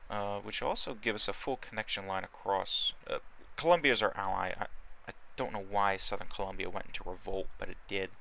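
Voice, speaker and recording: A man's voice: fairly low pitch, brisk, gravelly, few pauses, fairly bright tone, rough recording. A man giving casual commentary while playing a strategy game, thinking aloud with many fillers and restarts. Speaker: gaming channel host.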